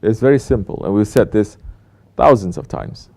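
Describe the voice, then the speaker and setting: A man's voice: lowish voice, lively intonation, normal speed, vocal fry, dark tone. A man teaching a spiritual talk as a Sufi teacher, emphatic and full of rhetorical questions. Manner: rhetorical questions, emphatic, mocking quoted apologies. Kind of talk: sermon.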